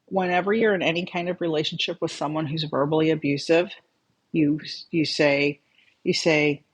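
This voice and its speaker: Husky-voiced medium, mid-pitched, relaxed advice chat with viewers. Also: moderate pace. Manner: calm, conversational, reads out viewer comments and replies. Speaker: spiritual medium answering viewer comments. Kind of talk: casual livestream advice chat.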